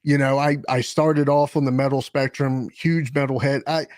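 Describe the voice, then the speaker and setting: Man, interview guest, average pitch, rambling, restarts sentences, dry close mic. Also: level tone, moderate pace, a little mellow, dry recording. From Maryland. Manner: rambling, with frequent restarts and self-corrections. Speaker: guest musician and podcast host. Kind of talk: casual interview talk.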